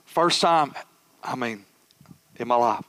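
A man preaching a sermon as a pastor, telling a personal story with animated, acted-out dialogue. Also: mid-range voice, slow pace.

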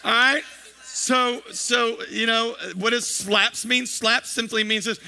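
A thirties-aged pastor delivers a playful, joking sermon to his congregation, full of repeated words and asides. His voice is very high-pitched yet gravelly, bright and forceful, with fairly even intonation and a slow pace.

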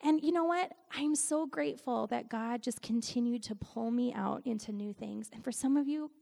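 A middle-aged woman giving a conversational sermon, telling stories in an animated way with frequent laughs. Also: on the high side, normal speed, creaky. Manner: animated storytelling, laughs often. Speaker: Christian speaker and worship leader.

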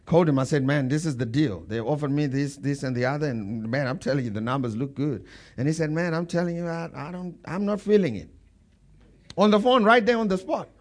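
A pastor preaching a sermon, telling stories and building to emphatic bursts. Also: male voice, on the high side, fairly quick.

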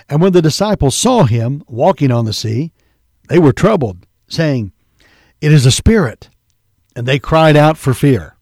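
A man preaching with earnest conviction, reading King James scripture and explaining it to his congregation. His voice sits slightly high for a man. The sound is close and dry. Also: warm tone, no echo. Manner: addresses listeners as folks and believer. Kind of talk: sermon.

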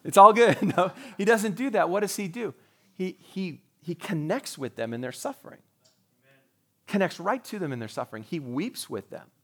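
A man's voice: high voice, animated, moderate pace. A man who is a pastor, preaching a sermon in a conversational way, with rhetorical questions and joking asides.

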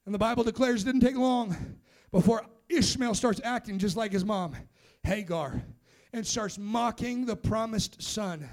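A man preaching a sermon, shouting in a sing-song preaching cadence and calling out to the congregation between phrases. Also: high voice, unhurried.

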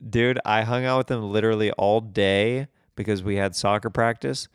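A man in casual comedic podcast chat who rambles through anecdotes. His voice is low, smooth and resonant. It is recorded dry and close. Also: fairly even intonation, moderate pace, no room sound. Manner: rambling storyteller, laughs easily. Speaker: podcast co-host.

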